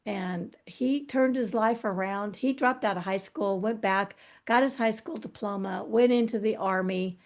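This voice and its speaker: A middle-aged woman speaks candidly in an interview, earnest and reflective. She often stops and restarts her sentences, and her voice sits at an ordinary pitch for a woman. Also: measured pace, few pauses. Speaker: guest author.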